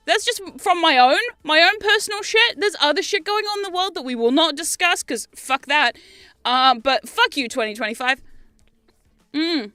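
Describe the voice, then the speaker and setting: Young woman streamer with a bright, crisp voice, dry and close. Chatty, rambling and animated, swears freely. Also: high-pitched, measured pace, dry recording, faint music behind. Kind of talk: casual chat stream.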